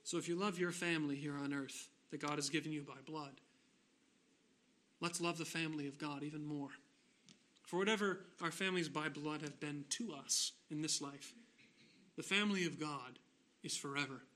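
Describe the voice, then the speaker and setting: Male pastor, sermon delivery, slightly high, bright and forceful tone, emphatic phrasing. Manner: emphatic preaching, slowing and rising on key phrases; softer, lower voice in closing prayer.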